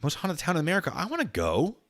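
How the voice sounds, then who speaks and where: A man's voice: a little high, huge pitch swings, racing, fairly bright tone. A man hosting a casual livestream, reading viewer comments aloud in a chatty, jokey way with frequent giggles. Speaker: channel host.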